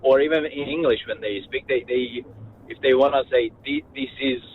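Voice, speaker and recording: Male caller, halting speech, tinny phone line, faint hiss. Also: mid-range voice. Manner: halting, many fillers. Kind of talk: phone-in chat.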